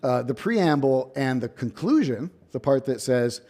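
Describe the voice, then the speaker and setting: A man's voice: medium pitch, animated, a little slow, mellow. A man, a visiting professor, giving an academic lecture in a lecture hall, telling history with storytelling emphasis and wry asides.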